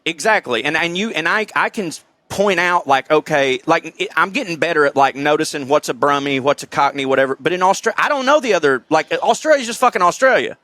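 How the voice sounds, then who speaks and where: A man with a Southern US accent co-hosting a podcast, talking in an animated, profane way as he tells stories. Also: on the high side, fast talker, hardly any pauses, no echo. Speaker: podcast co-host. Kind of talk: casual comedic chat.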